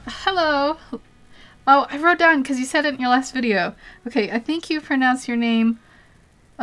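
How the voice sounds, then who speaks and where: A woman's voice: on the high side, a bit bright. A woman with an American accent, an artist live-streaming as she draws, chatting casually and laughing often as she answers viewers. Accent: General American. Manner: giggly, laughs often between phrases; chatty, self-deprecating, reads and answers chat. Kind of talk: casual live-stream chat while drawing.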